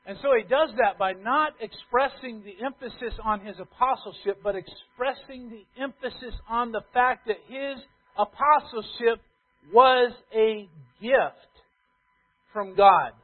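A man with a fairly high voice delivers a sermon to his church. He slips between hushed, almost murmured asides and loud, emphatic repeated lines, often stopping to ask the congregation a question. The sound is thin and tinny, like a phone line. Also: moderate pace. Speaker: pastor.

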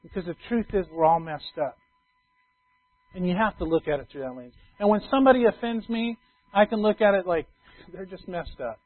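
A middle-aged male pastor giving a conversational sermon, swinging between loud emphatic lines and soft quiet asides. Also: sits high, fairly quick. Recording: tinny phone-like sound.

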